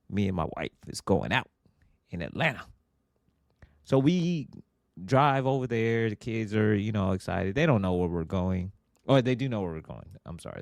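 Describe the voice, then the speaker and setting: A middle-aged man hosting a podcast, telling a family story in a casual, animated way and acting out what people said. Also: gravelly, no echo, clean studio sound. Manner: animated, acts out quotes with big pitch jumps. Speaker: podcast host.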